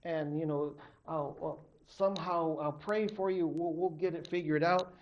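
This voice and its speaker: A man as a gentle comforting moon rabbit. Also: fairly high pitch, fairly even intonation, moderate pace, dull audio, slight background noise, lightly acted. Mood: soothing.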